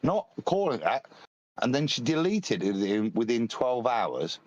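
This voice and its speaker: A man's voice: medium pitch, big pitch swings, measured pace, no room sound, muffled recording. A man chatting on a live stream, laying out details in a matter-of-fact way. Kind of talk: casual live-stream chat.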